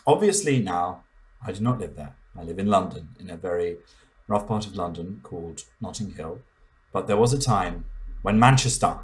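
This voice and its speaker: A young man doing a stand-up comedy bit, playful and mock-indignant, breaking into sudden loud outbursts. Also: sits low, expressive, brisk. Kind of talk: animated stand-up monologue.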